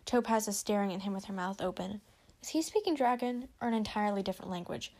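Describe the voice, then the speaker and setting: A woman reading a storybook aloud with steady narration. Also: medium pitch, fast talker. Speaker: reader.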